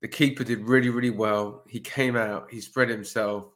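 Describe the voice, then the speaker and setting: A man, a football podcast pundit talking in calm, reassuring casual chat, with casual swearing. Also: mid-range voice, normal speed.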